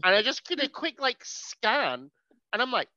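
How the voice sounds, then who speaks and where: Bright, lively co-host. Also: mid-range voice, moderate pace, no room sound, lo-fi sound. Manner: lively storytelling, acts out own thoughts. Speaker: podcast co-host. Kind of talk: casual chat.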